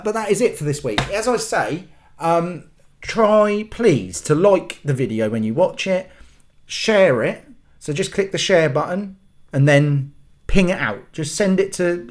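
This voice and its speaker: A man's voice: fairly high pitch, lively intonation, normal speed. A man hosting his own channel, ranting in an exasperated, sweary, rambling way. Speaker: channel host. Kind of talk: ranting vlog monologue.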